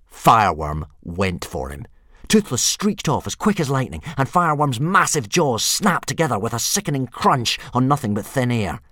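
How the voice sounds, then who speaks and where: Lively male storybook narrator. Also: medium pitch, moderate pace, dry recording, studio quality. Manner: lively, animated. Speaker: audiobook narrator.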